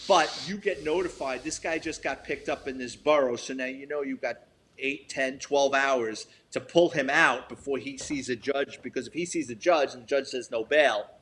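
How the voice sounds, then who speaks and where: This retired police detective, an older man, is a guest in a storytelling interview, speaking bluntly and profanely while performing the dialogue he quotes. There's slight background noise behind his mid-range, fairly bright voice.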